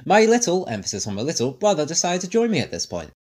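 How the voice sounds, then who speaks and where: A young man talks over his gameplay footage in a wry, teasing tone, poking fun at the story. His voice sits fairly high and swings up and down with lively energy. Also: rapid-fire. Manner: wry and teasing, sighs and grumbles at the game. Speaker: gaming video creator. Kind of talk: sarcastic gameplay commentary.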